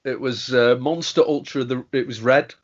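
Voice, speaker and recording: A man's voice: mid-range voice, fairly even intonation, normal speed. A man from northern England chatting casually on a podcast, easily amused. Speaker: podcast co-host. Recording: dull lo-fi audio.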